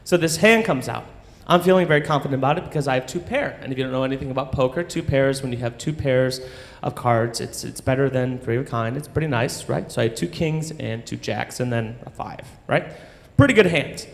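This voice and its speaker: A man telling a story live on stage in an animated, profane way, often checking in with "right?". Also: medium pitch, a little fast, vocal fry, few pauses, slight background noise. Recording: long hall reverb.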